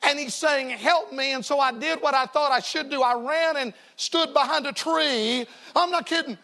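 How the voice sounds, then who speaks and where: A man's voice: very high voice, moderate pace, creaky, pushed and bright. A man preaching a revival sermon to a church congregation, folksy and emphatic, telling stories and hammering repeated refrains. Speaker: evangelist preacher.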